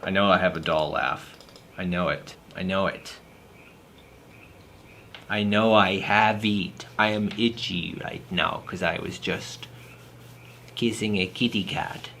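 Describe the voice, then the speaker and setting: A man's voice: deep voice, takes it slowly, creaky, long pauses, pushed and bright, slight background noise. A man talking to himself in a playful, self-mocking way while recording sound effects for a video. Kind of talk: casual self-talk while working.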